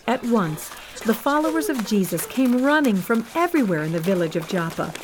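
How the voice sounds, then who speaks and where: Expressive woman telling a children's story. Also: fairly high pitch, brisk, background noise. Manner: expressive, gentle. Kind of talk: scripted narration for children.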